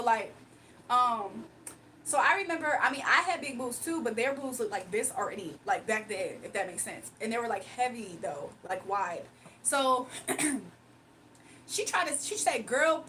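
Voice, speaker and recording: Young woman streamer, high-pitched, chatty animated storyteller, casual asides to the chat. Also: distant mic, a little hiss or hum, low-quality recording. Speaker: livestreamer.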